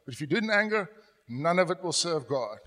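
A middle-aged man preaching a sermon as pastor, telling stories and dropping to a soft, confessional tone when he quotes himself. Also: fairly high pitch, very animated, quick pace. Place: church hall. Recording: long church hall reverb.

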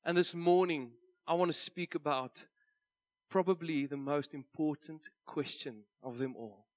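Casting: South African male pastor, slightly higher voice, chatty sermon storyteller in a church. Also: unhurried. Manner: conversational storytelling, light laughs.

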